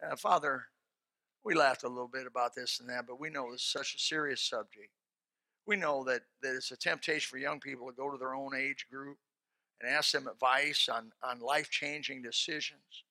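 A man preaching a sermon in a folksy, colloquial way, breaking into sudden shouts. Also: medium pitch, normal speed, no room sound. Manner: folksy and animated, bursting into shouts; plain colloquial speech. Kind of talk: sermon with closing prayer.

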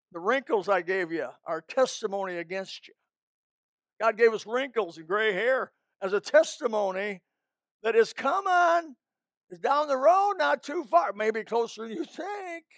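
Folksy older preacher with a gravelly voice. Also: male voice, high-pitched, fairly bright tone, no echo, studio quality. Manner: folksy, emphatic, sings snatches of hymns. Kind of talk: sermon.

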